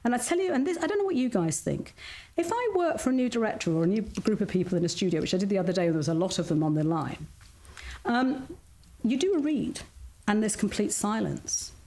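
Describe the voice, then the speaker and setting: A woman's voice: mid-range voice, big pitch swings, fast, warm tone. A woman with a Black Country accent, a voiceover artist and coach, telling frank, chatty anecdotes as an interview guest and laughing often. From England. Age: older. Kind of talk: casual chat, anecdotes.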